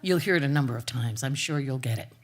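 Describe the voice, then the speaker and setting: A woman's voice: a bass voice, animated, fast. A woman storyteller telling a folk tale live, dramatic, with playful asides to the audience.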